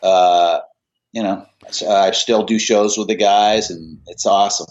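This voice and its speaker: Middle-aged musician guest, low voice, rambling anecdotes, lo-fi sound. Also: male voice, steady tone, a little slow, darkish tone. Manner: rambling, many fillers and restarts. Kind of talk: casual anecdotal storytelling. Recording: dull lo-fi audio.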